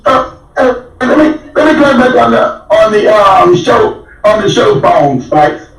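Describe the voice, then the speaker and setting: Man, guest caller, high voice, loose casual talk, echoey. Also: big pitch swings, a little slow, soft background music. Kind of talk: casual chat. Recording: echoey, distant.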